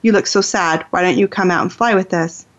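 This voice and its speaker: A woman reading the lines of a wise old male crow who gently encourages a little bird, in a storybook reading. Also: on the low side, brisk, natural voice. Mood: encouraging. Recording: dull lo-fi sound.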